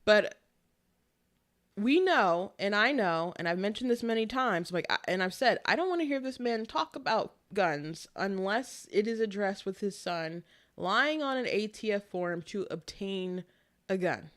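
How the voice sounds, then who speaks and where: A young adult woman hosts casual political commentary in a medium-pitched, animated voice. She chats away with quick asides and laughs often.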